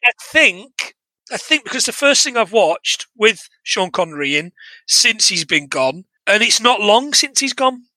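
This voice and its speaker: A high, very bright English man talks through a movie's plot in casual podcast chat. He is lively and chatty, laughing as he goes, and his voice sits close and dry on the mic. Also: normal speed, dry recording, rough recording. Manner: chatty, animated retelling with laughs and swearing. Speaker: podcast co-host. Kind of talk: casual film recap chat.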